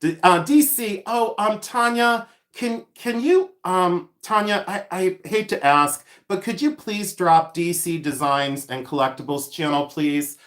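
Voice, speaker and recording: A man's voice: high voice, measured pace, fairly bright tone. A man hosting a casual livestream, reading out viewer comments and rambling with lots of ums and laughter. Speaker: livestream host selling vintage jewelry. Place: echoey room. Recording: echoey room sound.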